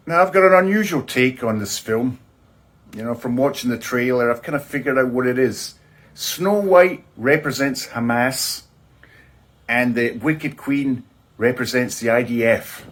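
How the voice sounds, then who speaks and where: Husky sardonic man doing comedy reviews. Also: mid-range voice, a little slow, fairly bright tone. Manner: rambling, sardonic, self-mocking. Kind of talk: deadpan satirical monologue.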